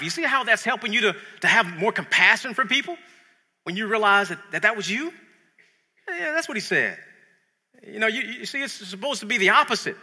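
A man delivers a lively, conversational sermon. His voice sits high and sounds piercingly bright, with a husky edge. A long hall reverb trails every phrase. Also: fairly quick. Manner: animated, conversational preaching with repeated words. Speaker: preacher.

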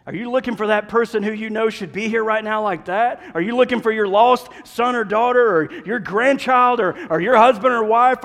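A man preaching a sermon as pastor, swinging between loud urging and hushed, intimate asides. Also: high-pitched, big-room sound. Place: church sanctuary.

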